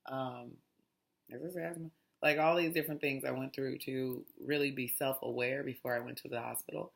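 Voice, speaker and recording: A woman's voice: a bass voice, fairly even intonation, moderate pace, vocal fry. A woman hosting a casual mindfulness talk, reading aloud in a chatty, digressive way and often restarting her lines. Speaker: host.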